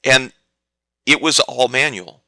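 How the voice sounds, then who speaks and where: A man's voice: mid-range voice, takes it slowly, creaky, pushed and bright, no echo. A man teaching market trading in a live webinar, telling anecdotes and answering viewer questions. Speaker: trading educator.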